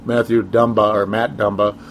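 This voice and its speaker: A man's voice: lowish voice, little pitch movement, moderate pace, slight background noise. A man co-hosting a sports talk show, rambling casually with chuckles and sarcastic asides.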